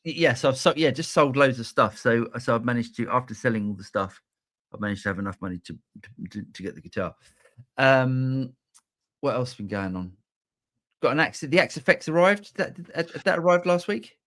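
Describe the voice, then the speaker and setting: A man's voice: mid-range voice, animated, normal speed, a bit bright. A man co-hosting a live show, talking in a rambling way with many restarts. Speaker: co-host. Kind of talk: casual live show chat.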